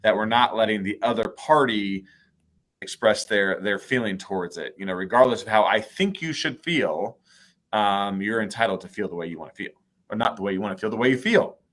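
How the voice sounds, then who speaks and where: Brief: male co-host, lowish voice, hesitant and thoughtful questions. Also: fairly quick, fairly bright tone. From United States. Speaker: mayor co-hosting a talk show. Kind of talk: live conversational talk.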